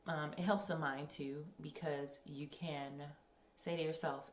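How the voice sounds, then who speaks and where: A woman's voice: low-pitched, fairly even intonation, unhurried, echoey room, a little hiss or hum. A young woman in casual vlog chat at home, rambling and chatty with many ums. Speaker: vlogger. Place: home workout room.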